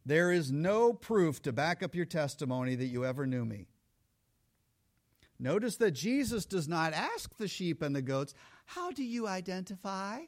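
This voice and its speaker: A male pastor preaching with a high voice that swings widely up and down. He plays out the voices of the people in his story as he goes. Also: moderate pace. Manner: animated, acts out voices of people he quotes. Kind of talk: sermon.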